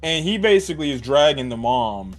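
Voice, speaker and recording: A man giving a casual, animated recap of an anime episode, swearing and saying "like" a lot. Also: fairly high pitch, fairly quick. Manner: animated, swears, many "like"s and "right?". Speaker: anime reviewer.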